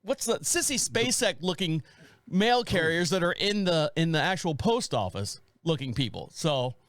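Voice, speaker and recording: A man's voice: fairly high pitch, moderate pace, dry recording. A man in his forties co-hosting a casual chat, telling a story and quoting his neighbor in voices. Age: 40s. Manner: animated storyteller, quotes neighbor in put-on voices. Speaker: podcast co-host.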